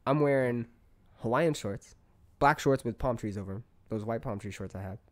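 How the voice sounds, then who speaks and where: A man in his thirties, a podcast guest telling a story in casual chat, talking heatedly and swearing, his pitch climbing when he gets worked up. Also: normal speed. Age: 30s.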